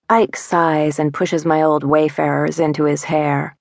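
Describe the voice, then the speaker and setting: A woman reads a first-person story slowly and without hurry, her voice a little low and placed close to the mic. The recording is dry, with no room sound, and her manner is measured and wry. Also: level tone, vocal fry, a little mellow, no room sound. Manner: measured, wry, intimate reading. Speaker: audiobook narrator. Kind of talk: scripted first-person narration. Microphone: close studio mic.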